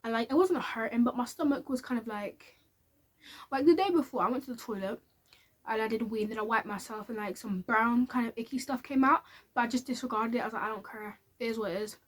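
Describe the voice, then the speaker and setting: Brief: woman, chatty storytime vlogger, quick delivery, slightly high voice. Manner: chatty and candid, with many fillers. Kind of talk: casual storytime monologue.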